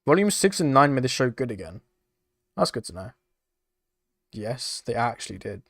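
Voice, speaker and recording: A man's voice: medium pitch, big pitch swings, moderate pace, gravelly, dry recording, clean studio sound. A young British man chatting casually on a live stream, laughing often and swearing freely as he reacts to chat. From United Kingdom. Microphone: desk microphone.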